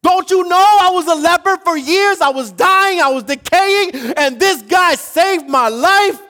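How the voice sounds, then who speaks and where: A man voicing a healed male leper, shouting praise at the top of his lungs. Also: fairly low pitch, animated, moderate pace. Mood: ecstatic. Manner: shouting loudly.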